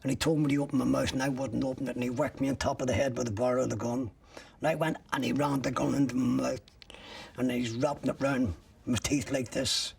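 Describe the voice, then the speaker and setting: A man's voice: mid-range voice, steady tone, fast, creaky, darkish tone, far from the mic, slight background noise. An older man from Ireland bluntly retelling his own arrest in vivid first-person detail, swearing freely. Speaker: interviewee recounting his arrest.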